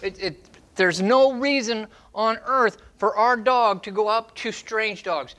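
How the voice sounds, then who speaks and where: A dog trainer answers viewer questions in a fairly high, bright and forceful voice. He is emphatic and acts out training steps in short fragments. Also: slow. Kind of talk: Q&A advice segment.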